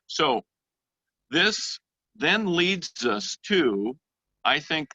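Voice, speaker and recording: Low-voiced man giving a thoughtful talk. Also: bright, forceful tone, no echo, lo-fi sound. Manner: thoughtful, many "uh" pauses, reads passages aloud. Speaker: guest speaker on literature. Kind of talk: church adult education talk.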